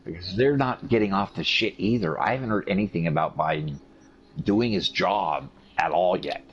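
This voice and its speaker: A man recovering from surgery, telling profane, animated stories in a casual chat. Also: low voice, moderate pace, husky. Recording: dull lo-fi recording with faint noise.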